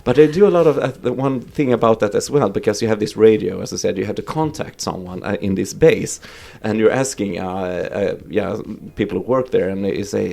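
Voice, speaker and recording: A man's voice: on the low side, a little fast, gravelly, few pauses, warm tone. A man with a Swedish accent hosting a casual gaming podcast, retelling funny moments eagerly and laughing often. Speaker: podcast host. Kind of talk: casual chat.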